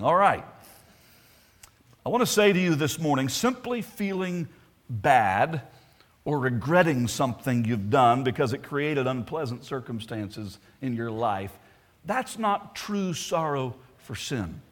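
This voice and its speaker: A male pastor preaching a sermon, emphatic and putting rhetorical questions to the congregation. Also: medium pitch.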